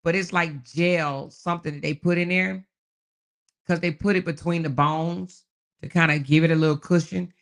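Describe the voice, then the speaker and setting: A woman's voice: on the low side, steady tone, normal speed. A woman hosting a casual livestream, reading viewer comments and chatting in a folksy way, often laughing and calling her viewers baby, child and honey. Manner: laughs often while talking. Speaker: livestream host.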